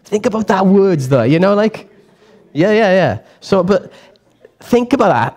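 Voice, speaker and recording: A young man teaching a Bible passage to a church group in a casual, lively way, asking the audience questions and correcting himself as he goes. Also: high-pitched, normal speed. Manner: lively, chatty, quizzes the audience, self-correcting. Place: church meeting room.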